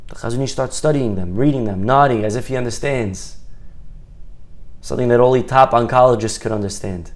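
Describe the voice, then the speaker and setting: A man's voice: medium pitch, brisk. A man telling a story in a Torah talk, acting out the characters and stretching words for emphasis.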